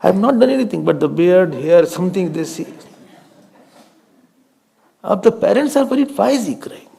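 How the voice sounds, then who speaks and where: Gravelly Indian swami, lively teaching voice. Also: male voice, sits high. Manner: slow, teaching with stories and questions, laughs often, drops to a whisper. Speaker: swami giving a spiritual talk. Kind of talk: spiritual discourse.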